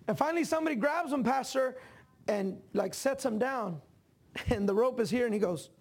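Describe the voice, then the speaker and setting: A man preaching a sermon as pastor, talking with the congregation in casual asides and climbing into animated, shouted passages. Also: very high-pitched, a little fast.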